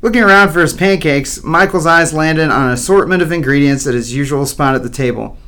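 A man's voice: a little high, brisk, bright, forceful tone. A man narrating a children's story playfully, with wry asides to the listener.

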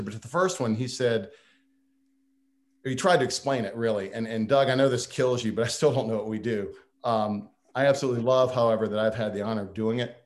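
A man's voice: mid-range voice, darkish tone. A man giving a humorous, folksy farewell speech to a board, self-deprecating and prone to restarts.

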